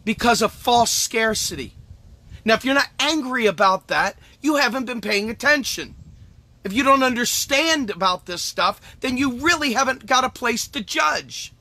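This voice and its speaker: A man's voice: very high voice, animated, normal speed, bright, forceful tone. A man delivering an angry, emphatic political monologue as host, swearing and repeating lines for effect. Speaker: podcast host.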